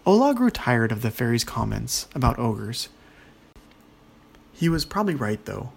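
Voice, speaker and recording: Gravelly male children's storyteller. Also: mid-range voice, very animated, normal speed.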